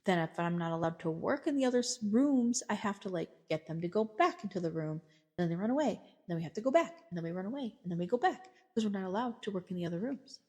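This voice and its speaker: A woman's voice: medium pitch, expressive, quick pace, a little mellow, slightly rough. A woman hosting a podcast, chatting casually and self-deprecatingly about her work, with lots of filler words. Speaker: podcast host, behavior technician. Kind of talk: casual chat.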